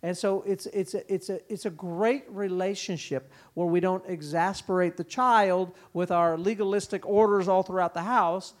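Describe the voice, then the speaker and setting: A man speaking at a parenting conference, telling stories and acting out quick lines for kids and parents. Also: high voice. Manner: animated storytelling, voices children and parents in quoted bits. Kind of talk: conference talk. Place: conference hall.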